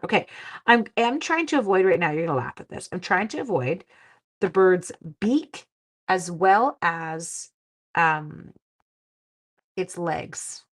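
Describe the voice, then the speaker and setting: A middle-aged woman hosting a crafting livestream, chatting casually and self-deprecatingly, often dropping to quiet mutters as she works. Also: medium pitch, lively intonation, a little slow.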